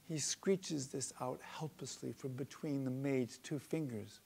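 A man reads aloud from his book of fables, lingering on each word. His voice is gravelly and his pace unhurried, with a middling pitch. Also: darkish tone. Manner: slow, deliberate, relishing the words. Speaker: author reading his book. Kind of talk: storybook narration.

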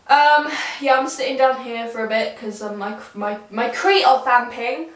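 This young vlogger has a voice on the high side and keeps a moderate pace. She chats casually to a camera on a tripod a few feet away in a small room, rambling, giggling and poking fun at herself, and the echoey room leaves her sounding distant.

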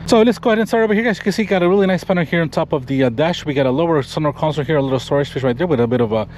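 Fast-talking casual man reviewing a truck. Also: on the high side, a little mellow, a little hiss or hum. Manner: casual, enthusiastic, talks while pointing things out. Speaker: car reviewer. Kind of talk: walkaround car review. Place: around and inside a pickup truck.

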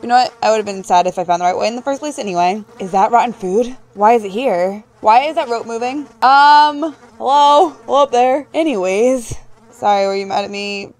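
A woman's voice: medium pitch, fast talker, few pauses, a little mellow. A young woman playing through a horror game demo, chatting, reacting and talking to things she finds on screen. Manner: chatty, jumpy, talks to objects on screen. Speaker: gaming YouTuber. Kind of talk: horror game let's play.

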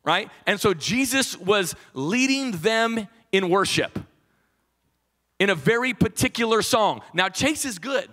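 Bright, animated preaching man. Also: high voice. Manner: animated, conversational preaching with quick restarts and acted-out quotes. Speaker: pastor. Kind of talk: sermon. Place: church stage.

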